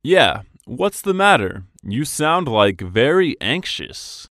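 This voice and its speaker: Male reader for lesson dialogues: slow, clearly enunciated, lively intonation, dry studio sound. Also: mid-range voice, no room sound. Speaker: dialogue reader for English practice. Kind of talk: scripted business dialogue reading.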